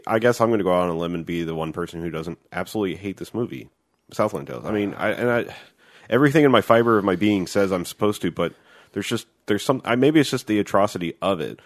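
A deep-voiced man talking fast and wryly in a casual film chat. The sound is dry and close. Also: expressive, dry recording. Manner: laid-back, wry, laughs often. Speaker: podcast co-host.

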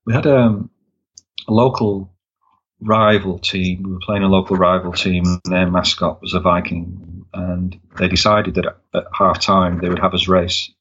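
A man working as a sports mascot, telling wry stories in a casual interview, halting with many restarts. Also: sits low, little pitch movement, a bit bright, breathy edge. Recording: dull lo-fi recording.

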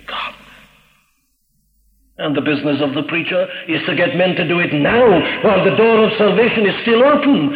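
A man delivers a sermon from a church pulpit with a slightly high-pitched voice. He speaks with solemn emphasis and repeats phrases as his fervor builds. The old recording sounds dull and muffled, and the voice rings out with a long, roomy reverb. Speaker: preacher.

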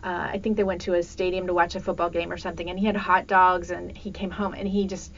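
A woman's voice: lowish voice, flat delivery, fast. Woman host, middle-aged, chatty and curious, lo-fi recording with light noise. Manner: chatty, laughs easily, asks questions. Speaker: podcast host. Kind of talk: casual podcast conversation. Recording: dull lo-fi audio with faint noise.

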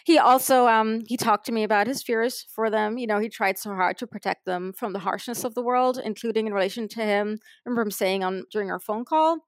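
A woman's voice: fairly high pitch, fairly quick, few pauses, dry recording, studio quality. A woman from Ireland, a memoir author telling stories in an interview in an effusive, earnest way. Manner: effusive, earnest, soft-spoken reminiscing. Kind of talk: interview storytelling.

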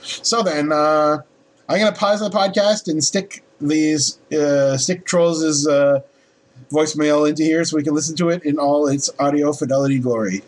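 Man, podcast co-host, casual joking chat, fairly high voice. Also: steady tone, normal speed. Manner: joking and playful.

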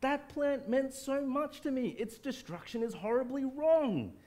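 A preacher putting on a self-pitying prophet, his voice jumping far above his usual pitch into an indignant whine. He pleads loudly and wildly, sulking over his loss. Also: lively intonation, measured pace. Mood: indignant whining.

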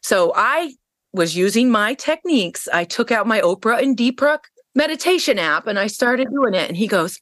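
A woman guest on an interview podcast, telling a personal story in a casual, animated way, jumping into a higher pitch when she quotes people. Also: normal speed, dry recording, clean studio sound. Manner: frequent fillers and restarts.

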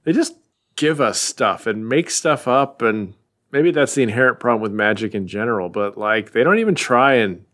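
A man's voice: medium pitch, lively intonation, normal speed, a bit bright. A man co-hosting a casual podcast, talking over a comic with a wry, skeptical, shrugging tone. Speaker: comic book podcast co-host. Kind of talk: casual chat.

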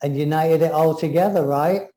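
A man's voice: on the high side, moderate pace, dark tone, echoey room, poor audio. A man with an English accent, co-hosting a casual chat, talking enthusiastically and often trailing off mid-sentence. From England. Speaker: co-host.

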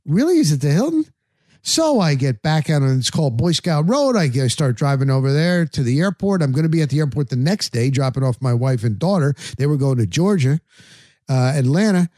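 Animated middle-aged man telling a story. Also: medium pitch, brisk, no room sound, clean studio sound. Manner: animated, acts out his own thoughts in quotes. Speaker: sports radio and podcast host. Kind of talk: casual storytelling monologue.

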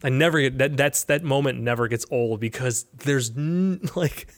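A man's voice: mid-range voice, moderate pace. A man co-hosting a casual movie podcast, talking in a rambling way with many restarts and frequent laughs. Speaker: podcast co-host.

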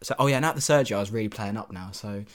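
A man's voice: lowish voice, rapid-fire. Young man, casual podcast chat, laid-back, salty language, laughs a lot. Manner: laid-back, swears, laughs often, animated when telling stories.

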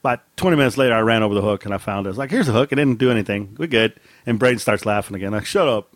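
A man's voice: rapid-fire, no room sound, studio quality. A middle-aged man co-hosting a podcast, telling rambling, profane stories with lots of laughter. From Mexican heritage. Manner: profane, laughing storyteller with big pitch swings. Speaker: podcast co-host. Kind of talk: casual chat, storytelling.

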